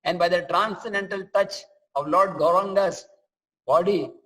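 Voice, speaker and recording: A man's voice: sits high, steady tone, moderate pace, bright, forceful tone, rough recording. A man giving a scripture lecture, telling stories and chanting verses. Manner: storytelling, chants and sings verses. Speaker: preacher.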